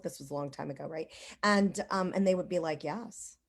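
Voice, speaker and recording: A woman's voice: fairly low pitch, fast, vocal fry, a little mellow. A woman hosting a casual online conversation, telling stories in a rambling way with lots of "like" and "you know".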